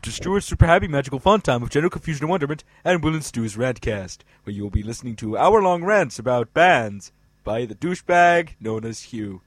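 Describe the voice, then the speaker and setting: A man's voice: mid-range voice, animated, a little fast, dry recording, rough recording. A man co-hosting a podcast, reading a joking promo in a mock-seductive announcer voice. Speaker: podcast co-host.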